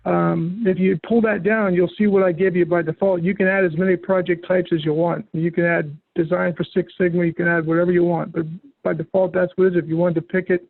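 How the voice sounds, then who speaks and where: A man leads a software training session, talking a user through each click with relaxed, patient instructions. His voice is pitched fairly high. It comes over a tinny, phone-like call with a dry, close sound. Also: a little fast, creaky, no echo. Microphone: call audio.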